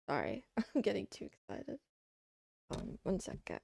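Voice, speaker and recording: A woman livestreamer chatting casually to her audience, rambling and excitable, tossing in meows between remarks. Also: medium pitch, unhurried, gravelly, long pauses, dry recording. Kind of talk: casual chat to a live audience.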